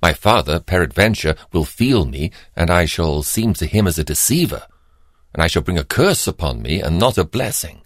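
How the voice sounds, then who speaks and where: A man's voice: low-pitched, very animated, normal speed, no room sound, clean studio sound. A man voicing an anxious younger son, earnest and uneasy as he deceives his father.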